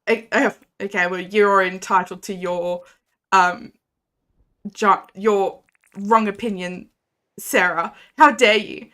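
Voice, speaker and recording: Chatty woman streamer, bright voice. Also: medium pitch, takes it slowly. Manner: chatty, animated, prone to rants. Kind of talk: casual game stream chat.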